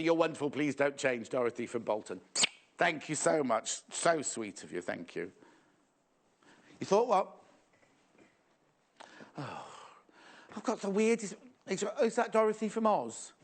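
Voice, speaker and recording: A man presenting a live shopping show in a playful, jokey, chatty way, reading out viewer messages. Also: on the high side.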